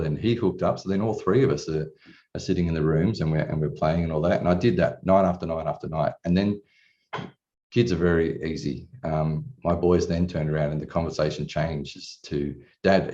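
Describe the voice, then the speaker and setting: A man's voice: sits low, warm tone. A man, candidly telling his personal story in an earnest, emotional way, with casual swearing and many restarts. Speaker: client giving a testimonial. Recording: distant mic, dull lo-fi sound.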